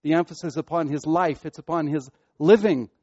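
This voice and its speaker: A man's voice: a little high, steady tone, a little fast, a little mellow, dry recording, highs cut off. A man preaching a sermon, building emphasis through repeated phrases. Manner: preaching with rising emphasis and repetition. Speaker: pastor.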